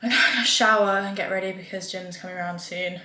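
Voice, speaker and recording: A woman's voice: mid-range voice, fairly even intonation, a little fast, sharp tone. A young woman, talking casually and frankly to camera in a rambling vlog. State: out of breath. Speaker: vlogger. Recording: echoey room.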